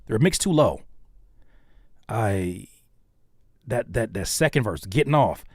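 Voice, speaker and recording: A man hosting a live stream, reacting to viewers' songs with joking, animated commentary that swings from hushed to loud. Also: fairly low pitch, measured pace, no room sound, studio quality. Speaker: host reacting to viewer music.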